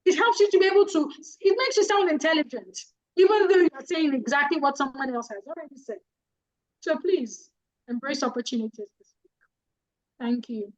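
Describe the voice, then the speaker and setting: A woman's voice: high-pitched, expressive, fairly quick, lo-fi sound. A woman with a Nigerian accent giving public speaking advice, emphatic and repeating points for effect. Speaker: guest speaker.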